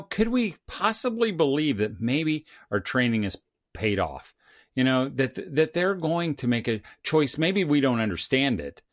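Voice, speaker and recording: A middle-aged man, an author and speaker, talking in an earnest, animated way as a guest in a casual conversation. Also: medium pitch. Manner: earnest, animated storytelling with restarts.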